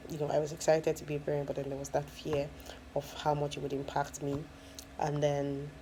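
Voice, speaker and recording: A woman's voice: low voice, mellow, slight background noise, rough recording. A woman, a first-time mom, casually telling her own story with lots of fillers and frequent laughs. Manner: chatty, many fillers, laughs often.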